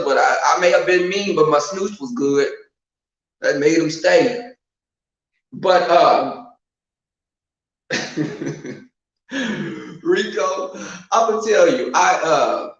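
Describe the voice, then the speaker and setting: A man telling casual stories at home, animated and loud when he quotes people, in an echoing room. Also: measured pace, gravelly, long pauses. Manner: animated, swings loud and high when quoting. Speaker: storyteller. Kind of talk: casual storytelling. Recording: roomy home echo, muffled sound.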